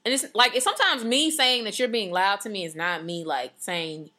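A woman in casual, animated chat, trailing off and restarting as she talks. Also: medium pitch, moderate pace.

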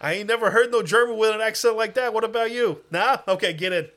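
A man voicing a brash, gruff American soldier with folksy slang, raised and loud. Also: high-pitched, quick pace, pitched above the performer's own voice.

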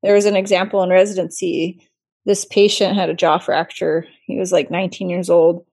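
Female guest, late 30s, doctor; conversational, expressive, acts out quotes. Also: on the low side, moderate pace, gravelly, husky. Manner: lively storyteller who acts out quoted voices. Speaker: guest physician. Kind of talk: casual interview chat.

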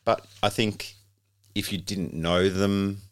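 Deep-voiced enthusiastic male podcast host. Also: steady tone, slow. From Australia. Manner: enthusiastic, laughs easily. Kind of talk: casual interview chat.

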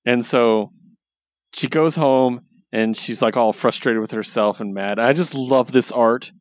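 A man's voice: medium pitch, unhurried, dry recording. A man hosting a casual talk, recapping stories with enthusiasm and plenty of ums and likes. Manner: enthusiastic, lots of fillers. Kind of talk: casual chat.

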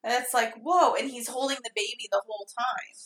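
A woman's voice: fairly high pitch, brisk. A woman co-hosting a casual movie recap, laughing often and acting out scenes as she retells them. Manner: laughs often, animated retelling with quoted voices. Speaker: podcast co-host. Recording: roomy echo.

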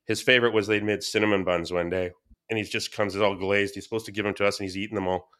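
Animated man telling family stories. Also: fairly low pitch, fast talker. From Scottish and English family. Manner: animated, quotes people in raised voices, many restarts. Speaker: podcast guest. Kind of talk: casual storytelling.

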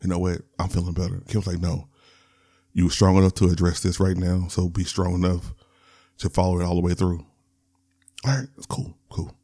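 Deep and dark, this man's voice stays completely flat as he talks a little fast. He hosts a podcast and recounts a personal story candidly, rambling along with laughs and restarts.

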